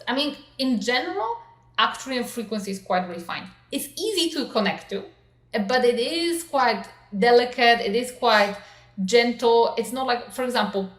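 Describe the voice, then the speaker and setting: Gentle higher-voiced woman in a roomy space. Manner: gentle, thoughtful, uses many fillers. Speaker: podcast co-host. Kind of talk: spiritual podcast talk, explaining. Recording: roomy echo.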